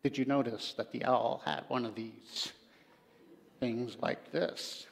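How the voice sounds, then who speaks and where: A man's voice: medium pitch, fairly even intonation, slow, vocal fry. A male pastor telling an animal story during a sermon, acting out the creatures as he goes. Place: church sanctuary. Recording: long church-hall reverb.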